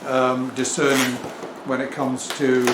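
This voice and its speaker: A man's voice: medium pitch, monotone, a little slow. A middle-aged man with an English accent, talking casually and at length as a record-selling vlogger, self-assured and rambling. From England. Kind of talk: casual talk to camera. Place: home room with turntable. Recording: echoey room with faint ambient noise.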